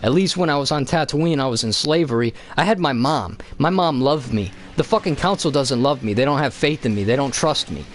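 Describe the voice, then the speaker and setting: A man's voice: mid-range voice, animated, fairly quick, few pauses, lightly acted. A man voicing a resentful, whiny young male Jedi apprentice who complains in profane outbursts.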